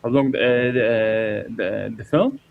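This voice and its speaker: Halting filmmaker. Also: male voice, mid-range voice, vocal fry, narrow, tinny audio. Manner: halting, many fillers and restarts. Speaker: documentary filmmaker. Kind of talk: interview answers.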